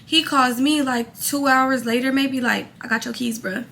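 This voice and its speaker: A young woman vlogger telling a casual storytime, animated and quoting others as she goes. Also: sits high, normal speed, vocal fry, slight background noise. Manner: animated storytelling, quoting people in her own voice.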